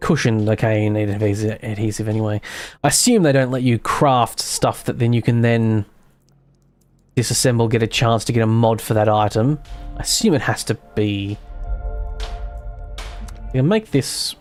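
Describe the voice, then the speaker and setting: A man's voice: fairly low pitch, moderate pace, pauses often, faint music behind. A man streaming a video game, thinking aloud in casual, self-mocking commentary.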